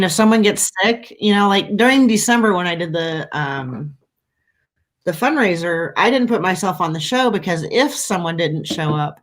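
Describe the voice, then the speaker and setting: A woman hosting a casual chat, an animated storyteller who laughs often. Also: fairly low pitch. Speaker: host. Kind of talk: casual conversation.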